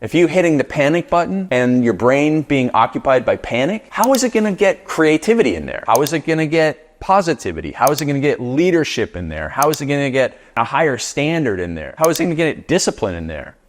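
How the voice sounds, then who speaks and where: A man's voice: fairly high pitch, sing-song, brisk, few pauses. A middle-aged man, a business coach, giving an emphatic motivational talk full of repeated rhetorical questions.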